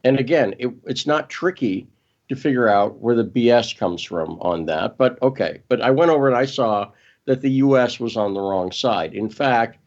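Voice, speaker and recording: A man speaking as a guest, pressing his points quickly and stopping to correct himself mid-thought. His voice sits at an ordinary pitch. The sound is muffled and lo-fi, like call audio. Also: darkish tone. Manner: emphatic, quick, often restarts and corrects himself. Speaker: interview guest. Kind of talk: casual interview talk.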